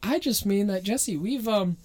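A young man with a high-pitched voice trades teasing jokes on a podcast, swearing casually. He sits close to the mic in a dry room with no echo. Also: measured pace, darkish tone. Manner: teasing, joking, laughs a lot, swears. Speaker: podcast co-host. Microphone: podcast microphone.

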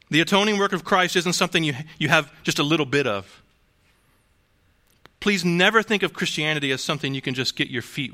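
A man preaches a sermon in a bright, forceful voice that sits a little high for a man. He talks to the congregation conversationally, tossing out rhetorical questions and restarting phrases as he goes. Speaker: pastor.

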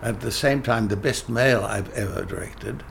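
Gravelly older man, theatre director. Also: fairly low pitch, normal speed, a little hiss or hum. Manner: anecdotal, emphatic, with frequent restarts. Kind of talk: interview conversation.

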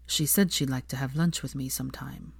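Woman reader doing a guarded, anxious young man; hushed, halting, low and dry. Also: fairly even intonation, gravelly, slightly rough, dry recording, heavily acted. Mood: brooding. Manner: hushed, halting, heavy sighs.

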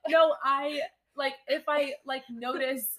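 A woman's voice: sits high, steady tone, slow, fairly bright tone. A woman in her twenties co-hosting a podcast, chatting casually and rambling with many fillers. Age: 20s. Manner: rambling, heavy use of "like", laughs often. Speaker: podcast co-host.

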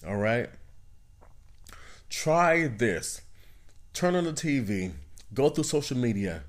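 A man hosts a self-help podcast in a casual, conversational way. His pitch is middling for a man. He circles back over his points and keeps checking in with his listeners. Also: very animated, takes it slowly. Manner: conversational, repeats phrases, asks "you know what I mean?". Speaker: podcast host.

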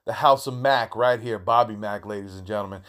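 Profane rambling podcast host. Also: male voice, fairly low pitch, fairly quick, a bit bright. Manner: profane, rambling, slangy, with many restarts. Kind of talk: casual storytelling monologue.

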